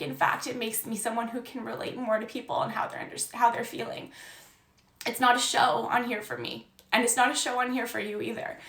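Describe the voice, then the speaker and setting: A young woman who works as a life coach and podcast host gives an earnest, encouraging message on a live stream, reading viewer comments aloud. Her voice is on the high side and fairly bright, heard in an echoey room.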